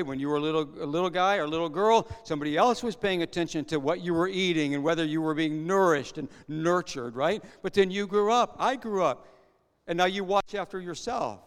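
A man's voice: on the high side, smooth. Man preaching a sermon in a reverberant hall. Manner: conversational preaching with rhetorical questions. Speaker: pastor.

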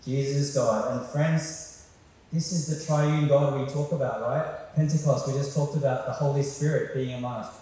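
A man's voice: medium pitch, fairly even intonation, moderate pace, mellow. A man preaching a sermon, talking in a conversational way and putting questions to the congregation. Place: church hall. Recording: echoey hall from far off.

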